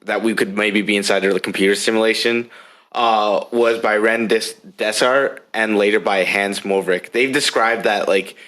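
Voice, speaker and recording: Male podcast co-host, lowish voice, relaxed slangy chat. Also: moderate pace. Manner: laid-back, slangy, says "dude". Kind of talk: casual chat.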